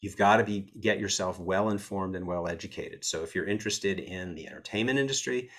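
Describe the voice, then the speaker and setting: An American man with a low-pitched voice tells stories in a relaxed interview. He speaks in an animated, self-deprecating way, with a snarky edge. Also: a little fast. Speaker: entertainment attorney guest. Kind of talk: casual interview storytelling.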